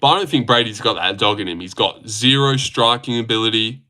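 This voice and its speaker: Bright-voiced young man on stream. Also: a little fast. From Australia. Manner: teasing, swears freely, jumps up in pitch when mocking. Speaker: livestream host reading chat. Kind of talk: casual live chat about fights.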